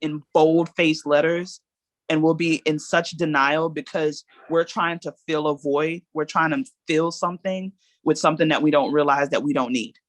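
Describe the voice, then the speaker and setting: A woman's voice: low voice, steady tone, moderate pace, no echo. Earnest woman guest, dry close sound. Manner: earnest, speaks in long run-on reflections. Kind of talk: candid personal storytelling.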